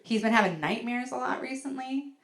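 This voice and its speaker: On a venue stage, a middle-aged woman performs stand-up, telling rambling, chatty stories heavy with fillers and acting out other people's voices in big impressions. Her voice is fairly high and brisk, with a crowd audible in the background.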